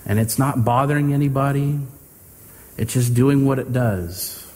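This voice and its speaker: A male pastor giving a sermon with earnest, drawn-out emphasis. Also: mid-range voice, a little mellow. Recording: reverberant hall with faint ambience.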